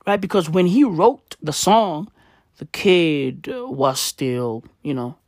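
A woman doing a profane comedic rant, full of slang, swinging from loud outbursts to low mutters. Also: lively intonation, takes it slowly, no echo, studio quality. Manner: swears constantly, slangy, swings between shouting and muttering.

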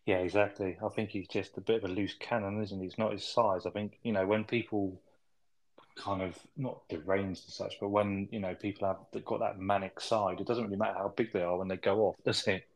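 A man co-hosting a podcast, recapping a film's plot in relaxed, casual chat with plenty of fillers. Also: fairly low pitch, brisk, poor audio. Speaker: podcast co-host. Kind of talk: casual film review chat.

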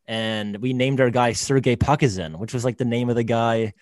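A man's voice: mid-range voice, steady tone, darkish tone, dry recording. A young man in casual chat, laid-back and full of "like"s. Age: young adult. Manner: fast, laid-back, many "like"s. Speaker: podcast co-host.

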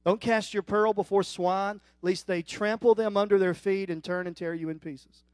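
Pastor, male, high voice; emphatic sermon delivery with questions to the crowd. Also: fairly even intonation, moderate pace, a little mellow, no echo, clean studio sound. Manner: preaching with rhetorical questions and emphatic rises; teasing the congregation.

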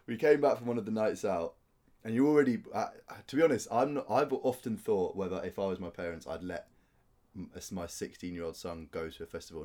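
A man's voice: sits low, a little mellow. A man, co-hosting a podcast and telling a story through laughter in casual chat. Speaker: podcast co-host.

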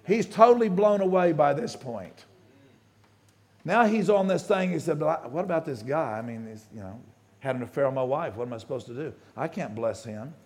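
A pastor giving a sermon, telling a story with plenty of quoted dialogue and halting restarts, his voice rising and dropping. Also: a little high, lively intonation, darkish tone.

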